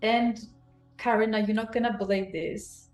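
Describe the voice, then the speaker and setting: A woman's voice: medium pitch, normal speed. Emotional woman in a roomy echo. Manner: emotional, animated retelling with many restarts. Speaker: guest, clinic founder. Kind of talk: personal story in an interview. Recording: roomy echo, faint music.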